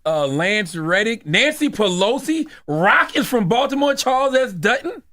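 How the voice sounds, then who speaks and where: A man co-hosting a morning radio show teases his colleagues with deadpan jokes. His voice is high for a man and swings widely in pitch, and he speaks in a studio setting. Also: measured pace. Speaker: radio co-host. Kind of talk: casual morning radio banter.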